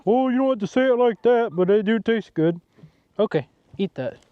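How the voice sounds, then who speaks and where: A man's voice: high-pitched, animated, moderate pace, phone-quality sound, slight background noise. A man, an easygoing farmer chatting outdoors on his farm and talking to his animals. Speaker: farmer, vlogger. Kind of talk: casual farm vlog.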